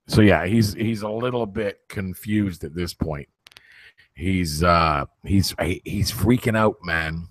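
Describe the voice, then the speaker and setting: A man's voice: low-pitched, unhurried. A man in casual conversation, retelling a call with a supplier and acting out both sides. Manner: animated storyteller, acts out both sides. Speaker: flat earth merchandise seller.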